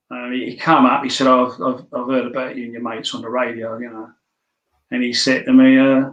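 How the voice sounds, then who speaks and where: Male podcast guest, blunt anecdotal storyteller with frequent swearing, middle pitch, echoey room sound. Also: fairly quick, a bit bright. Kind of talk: casual storytelling. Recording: roomy echo.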